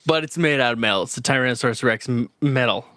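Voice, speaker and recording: A man's voice: mid-range voice, fast talker, sharp tone, dry recording, clean studio sound. A man co-hosting a podcast in casual chat, telling the story with enthusiasm and frequent laughs. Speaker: podcast co-host.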